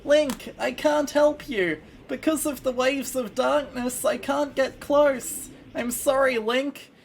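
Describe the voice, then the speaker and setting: A man voicing a sorrowful, apologetic young princess in a video game, in a high falsetto. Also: steady tone, takes it slowly, gravelly, a little hiss or hum, full character voice.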